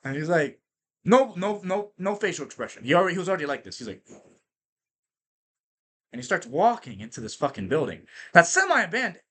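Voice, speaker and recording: Lively, bright-voiced podcast host. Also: male voice, fairly high pitch, brisk, long pauses. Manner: energetic and profane, full of fillers like "right?". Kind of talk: casual storytelling monologue.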